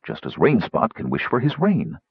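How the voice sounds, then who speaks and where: A man's voice: sits low, huge pitch swings, normal speed, breathy edge, muffled recording, heavily acted. A man voicing a fierce, proud woman warrior. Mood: firm. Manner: firm, commanding.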